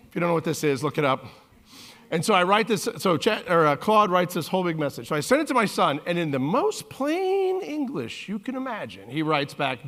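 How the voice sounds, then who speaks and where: A man in his forties giving a humorous keynote on stage, telling stories with lively acted-out quotes. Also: sits high, moderate pace. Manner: animated, jokey, acts out quotes in voices. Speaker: keynote speaker. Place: conference stage.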